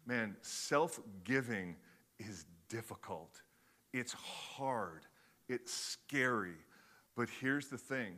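A man's voice: mid-range voice, animated, extremely slow, sharp tone. A man preaching a sermon as a pastor, talking conversationally with many fillers and restarts.

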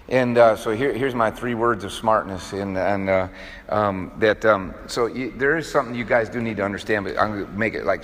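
A man's voice: on the low side, a bit bright. Guy preaching casual, chatty storyteller, lots of ums, big hall with long echo. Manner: folksy, conversational storytelling with many fillers. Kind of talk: casual sermon. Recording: echoey hall with long reverb.

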